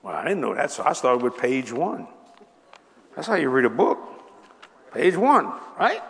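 Gravelly older preacher in a reverberant hall. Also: male voice, medium pitch, very animated, normal speed, pauses often, fairly bright tone. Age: 70s. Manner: conversational, joking storytelling with congregation. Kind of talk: sermon.

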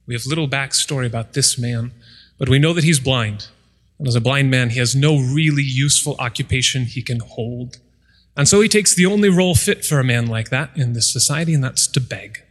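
Man preaching, tells bible stories and does the voices, a bit husky, big echoey hall. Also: medium pitch, brisk. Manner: storytelling, acts out voices of the people in the story. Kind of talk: sermon. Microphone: microphone.

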